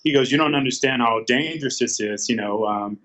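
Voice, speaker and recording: A man's voice: mid-range voice, brisk, a bit bright. A man in his fifties, a guest in an interview, telling a hard personal story with many fillers and restarts. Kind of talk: candid storytelling. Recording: dull lo-fi sound.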